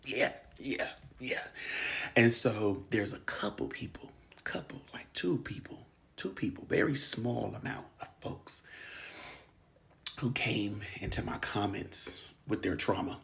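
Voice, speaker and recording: A man's voice: lowish voice, a little slow, vocal fry, fairly bright tone. A man in his thirties from Los Angeles gives an emphatic, candid personal monologue, often dropping to a whisper and laughing. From South Central Los Angeles. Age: 30s. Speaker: spiritual channel host.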